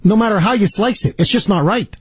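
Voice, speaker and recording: A man hosting a talk radio show, telling stories in an animated, indignant way and taking calls. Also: sits high, fast, husky, no echo. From Canada. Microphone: studio microphone.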